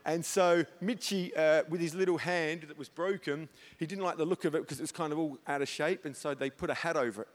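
A middle-aged man preaching a sermon from a church stage, an animated storyteller who jokes and punches his comic lines loudly. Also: a little high, a little fast, few pauses. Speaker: pastor.

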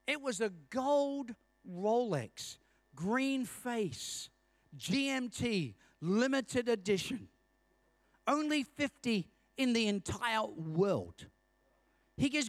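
A man's voice: very high voice, expressive, slow, no echo. A male pastor in his fifties preaching a sermon, telling a personal story and calling out to his congregation. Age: 50s.

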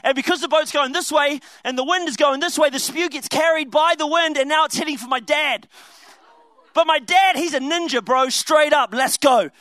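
High-voiced, bright, animated young preacher. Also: male voice, moderate pace, dry recording. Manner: animated storytelling with laughs and asides. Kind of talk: comedic youth sermon.

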